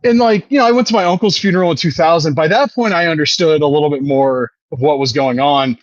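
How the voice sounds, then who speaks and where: A man's voice: on the high side, quick pace, dry recording, lo-fi sound. A man in his thirties co-hosting a podcast, chatting casually, rambling and swearing, often laughing. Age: 30s. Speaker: podcast co-host. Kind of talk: casual chat.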